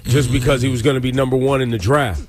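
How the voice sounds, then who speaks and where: A man hosting a morning radio show, teasing his co-host in a wry, measured way. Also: mid-range voice, fairly even intonation. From United States. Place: radio studio. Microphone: studio microphone. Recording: radio studio with music bed.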